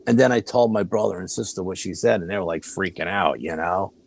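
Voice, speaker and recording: An older man, a guest, telling a personal story in a casual, animated way, often acting out other people's words. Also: sits low, fairly quick, gravelly. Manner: animated, acts out quoted voices, frequent laughs.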